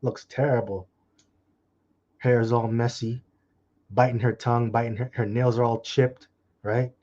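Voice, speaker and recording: A man preaching from scripture, reading verses slowly and then breaking into crude, mocking commentary. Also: medium pitch, level tone, a little mellow. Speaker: street preacher. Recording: dull lo-fi sound.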